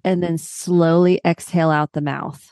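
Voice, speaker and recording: A woman therapist, a guest on a podcast, speaking in a calm, reflective way. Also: fairly low pitch, moderate pace, dry recording, studio quality. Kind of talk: casual podcast interview.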